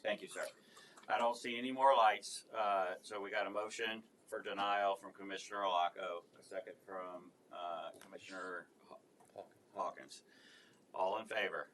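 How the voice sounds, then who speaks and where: Male chairman moving through agenda items; lowish voice. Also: steady tone, a bit bright, slight background noise. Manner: brisk, procedural. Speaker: board chairman. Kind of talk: chairing a public meeting.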